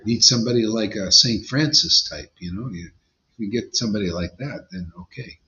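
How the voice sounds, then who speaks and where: A man's voice: on the low side, a little fast, pushed and bright. A man, a spiritual teacher, giving an informal devotional sermon in a blunt, emphatic, conversational way. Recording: dull lo-fi sound.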